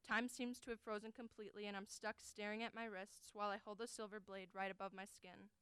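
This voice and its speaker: A young adult woman giving an earnest, deliberate dramatic reading of first-person prose as a college forensics performer. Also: mid-range voice, level tone, a bit bright, clean tone, no room sound. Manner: earnest, deliberate, emotionally weighted delivery.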